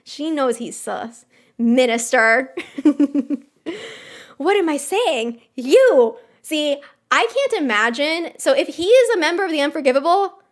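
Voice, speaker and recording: Giggly high-voiced woman streamer. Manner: giggly, excitable, chatty. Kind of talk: casual live-stream reaction.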